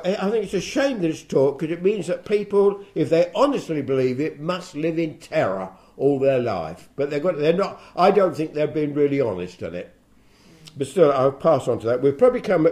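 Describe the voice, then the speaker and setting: A man leading a Bible study, reading scripture aloud slowly and then explaining it in a plain, conversational way with fillers and restarts. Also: a little high, warm tone. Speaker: Bible teacher.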